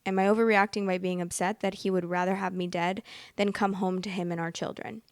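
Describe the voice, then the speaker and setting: A woman hosts a podcast, reading an online story aloud before breaking off to react to it in her own words. Her voice sits at an ordinary middle pitch, and the sound is dry and close. Her reactions are expressive, full of fillers and restarts as she thinks out loud. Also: brisk, no echo. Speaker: podcast host.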